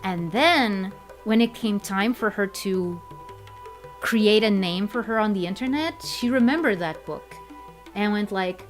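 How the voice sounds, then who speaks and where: Slow, laughing young woman streamer. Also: mid-range voice, soft background music. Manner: rambling, laughs often, repeats herself. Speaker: VTuber streamer. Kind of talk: casual chat.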